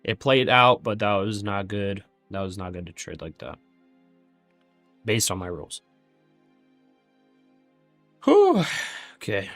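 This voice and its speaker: A man's voice: fairly low pitch, steady tone, normal speed, pushed and bright, soft background music. Self-critical man trading live. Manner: thinks aloud through figures, candid and self-critical. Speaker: day trader streaming live.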